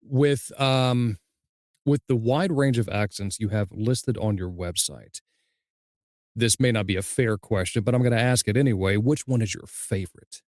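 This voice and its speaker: A man's voice: lowish voice, moderate pace, darkish tone, dry recording, studio quality. A man hosting a podcast interview. He gives short affirming replies and asks considered questions. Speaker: podcast host and audiobook narrator. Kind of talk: conversational interview.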